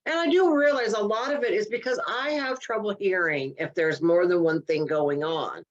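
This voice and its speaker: A woman's voice: medium pitch, moderate pace, dull audio. A woman co-hosting a podcast, chatting casually and exclaiming as she reacts. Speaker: podcast co-host. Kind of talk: casual chat.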